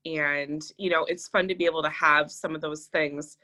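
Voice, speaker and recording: A woman's voice: low voice, fairly even intonation, moderate pace, bright, forceful tone. A middle-aged woman co-hosting a podcast in casual chat, rambling and reflective with many fillers. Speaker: podcast co-host.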